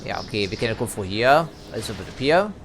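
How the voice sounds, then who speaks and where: A man's voice: lowish voice, expressive, fast, a little hiss or hum. A man giving casual let's play commentary, chatty, hedging and dryly critical as he plays.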